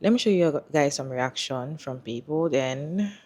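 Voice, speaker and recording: Female host for a reaction vlog. Deep, low register. Keeps putting questions to the audience. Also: expressive, unhurried, a little mellow. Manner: asks viewers rhetorical questions. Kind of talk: casual reaction commentary.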